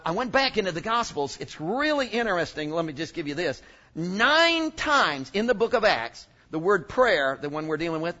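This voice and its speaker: Male preacher, sermon, joking, emphatic, very lively pitch, bright tone. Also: highs cut off.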